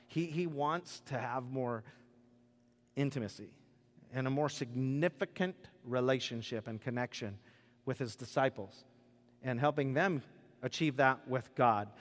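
Joking pastor preaching in a big hall. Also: male voice, mid-range voice, a bit bright. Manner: conversational, joking, acts out quoted voices. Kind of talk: sermon. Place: church sanctuary. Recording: preached in a large reverberant hall.

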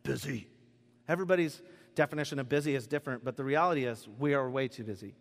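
A man's voice: mid-range voice, rapid-fire. A male pastor giving a casual, joking sermon and acting out quoted voices. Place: church sanctuary. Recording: preached in a large reverberant hall.

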